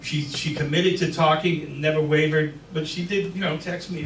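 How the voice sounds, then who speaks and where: A man's voice: fairly high pitch, fairly even intonation, normal speed, fairly bright tone. A man hosting an event, chatting casually as he introduces speakers, a bit emotional. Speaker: event host. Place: event hall with a crowd. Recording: echoey hall, crowd noise, distant mic.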